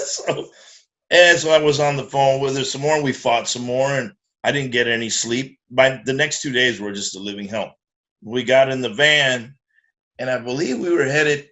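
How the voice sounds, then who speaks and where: A middle-aged man telling a profane, animated story in casual chat and acting out the voices of the people in it. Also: medium pitch. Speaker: guest musician.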